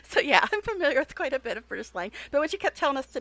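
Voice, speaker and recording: A woman's voice: high-pitched, very animated, very fast, creaky, fairly bright tone. A woman streaming a game, chatting with viewers, telling stories and laughing often. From United States. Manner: chatty storyteller, laughs often, talks directly to chat. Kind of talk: casual chat while live-streaming a game.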